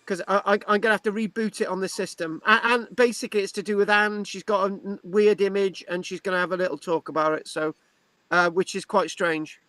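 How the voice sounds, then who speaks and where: A British man with a high, light voice runs a casual online history class. He talks in a chatty, halting way, restarting his sentences over a video call, and the sound is dry and close. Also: steady tone, sharp tone, no echo. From Britain. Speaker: history class tutor and host.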